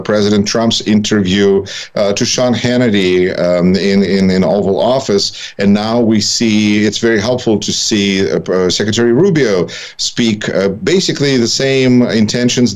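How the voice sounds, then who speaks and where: A middle-aged man comments on live news in a somewhat low voice. He talks haltingly, full of fillers and restarts as he works through his points. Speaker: political commentator.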